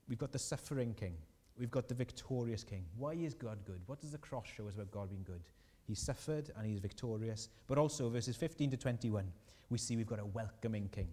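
A man's voice: mid-range voice, dark tone, long reverb tail. A man preaching a sermon as a pastor, earnest and rising in emphasis on key lines.

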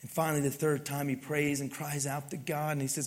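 A man preaching a sermon to his congregation, often dropping to a hushed, intimate tone. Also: a little high, little pitch movement, a little fast, few pauses, in a large hall. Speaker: pastor. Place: church sanctuary.

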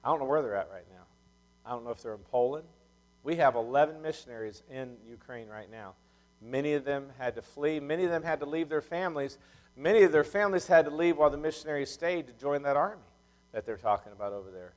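Fast-talking missionary man in his fifties. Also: mid-range voice, low-quality recording. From Ohio, USA. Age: 50s. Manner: fast-talking, animated storyteller, folksy. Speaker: visiting missionary speaker. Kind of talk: church sermon with storytelling.

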